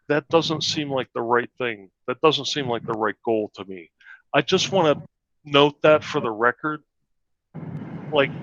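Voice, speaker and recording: A man's voice: mid-range voice, a bit bright, no room sound. Guy at a school board meeting, keeps restarting sentences, kinda muffled dry audio. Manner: halting, repeats words and restarts often. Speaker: meeting participant. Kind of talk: public meeting comment.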